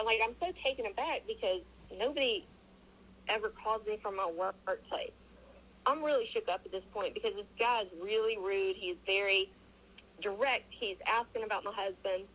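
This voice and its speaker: A woman's voice: mid-range voice, a little fast, a little hiss or hum, poor audio. A woman recounts her experiences to a host in a loose, chatty way. She slips into the voices of the people in her story and often restarts her sentences. The sound is a little thin, like a call line. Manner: animated, acts out quoted dialogue, frequent restarts. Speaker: interview guest. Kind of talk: casual storytelling.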